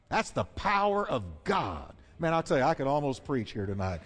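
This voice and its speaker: A man preaching a sermon with emphatic delivery, rising to loud high peaks and dropping to hushed asides. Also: sing-song, moderate pace, hardly any pauses. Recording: long reverb of a large hall.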